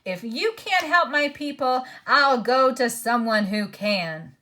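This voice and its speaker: A woman voicing a bitter, defiant male dwarf with a low, cold, grumbling tone, reading a storybook. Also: lively intonation, a little slow, a bit bright.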